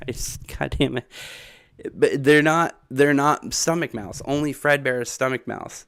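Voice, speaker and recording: A man's voice: medium pitch, fairly bright tone, no room sound, clean studio sound. A man streaming live, rambling through a game theory and chatting with his viewers, often laughing. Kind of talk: casual live-stream chat.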